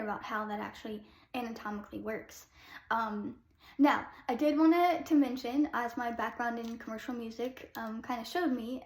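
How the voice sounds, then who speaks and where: A young woman with a fairly high speaking voice talks through a singing lesson in a loose, chatty way. She fills her sentences with small fillers and restarts. The room around her rings with a noticeable echo. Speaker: singing teacher. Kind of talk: voice lesson talk to camera.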